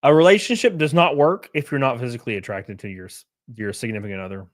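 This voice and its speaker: A man hosting a livestream, answering chat messages in a brash, profane, animated way. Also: medium pitch, fast. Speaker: livestream host reading chat.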